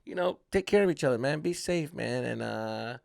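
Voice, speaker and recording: Brief: male comedian-host, lively storyteller, gravelly tone, close dry podcast mic. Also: medium pitch, moderate pace, no room sound. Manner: animated, mixes Spanish slang into English, says "dude" a lot. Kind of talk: comic storytelling.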